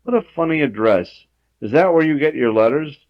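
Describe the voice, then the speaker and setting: A man's voice: a little high, animated, moderate pace, voice pushed up, close to an everyday voice. Prim polite young girl, raised voice, man doing the voice, muffled 1960s home tape. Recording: dull 1960s home audiotape.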